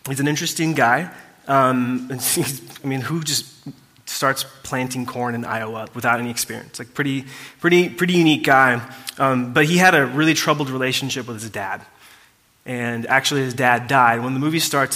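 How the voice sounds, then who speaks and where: A man's voice: medium pitch, bright, forceful tone. A man preaching to a congregation in a church hall, telling a story in a casual, conversational way with fillers and asides to the listeners. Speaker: pastor. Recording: reverberant hall.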